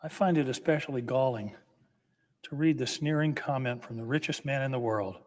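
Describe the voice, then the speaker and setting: A senator with a mid-range, somewhat dark voice gives a formal, impassioned floor speech in a legislative chamber, talking a little fast. His delivery is emphatic and builds through repeated phrases, under the long reverb of the large room.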